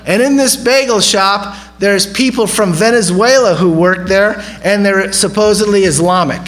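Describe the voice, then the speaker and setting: A man's voice: high voice, moderate pace, fairly bright tone, poor audio. A man preaching a sermon in a conversational way, often asking the audience questions. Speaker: pastor.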